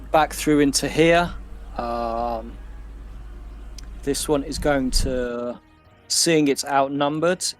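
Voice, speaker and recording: A man's voice: mid-range voice, a little hiss or hum. A man narrating as game master in a casual tabletop game, counting out moves as he goes. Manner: measured, counts movement squares aloud.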